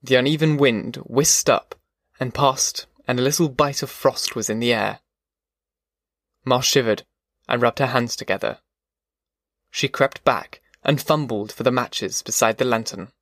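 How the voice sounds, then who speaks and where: A man reading a novel aloud in measured, descriptive narration. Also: medium pitch, fairly bright tone, dry recording, clean studio sound. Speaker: audiobook narrator. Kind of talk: scripted narration.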